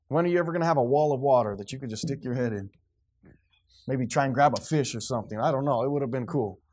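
A man's voice: medium pitch, darkish tone. A man preaching a sermon, building up with rhetorical questions and acted-out quotes. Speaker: pastor.

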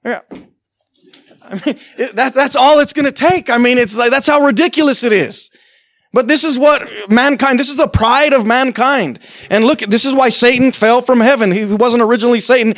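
A man's voice: extremely high pitch, fairly quick, a bit bright, dry recording, studio quality. A man preaching a sermon to a congregation in a conversational way, with sarcastic asides and acted-out quotes. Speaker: pastor.

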